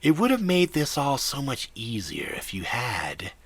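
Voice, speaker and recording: A man's voice: mid-range voice, huge pitch swings, slightly rough, no echo, full character voice. A man voicing a slender, sinister villain who talks down to others in a nasal, whiny, menacing voice. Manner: menacing, condescending, slow.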